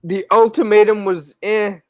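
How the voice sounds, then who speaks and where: A man's voice: sits high, steady tone, normal speed, dry recording, low-quality recording. A man co-hosting a casual podcast chat, offhand and swearing casually, joining over a remote call. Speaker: podcast co-host.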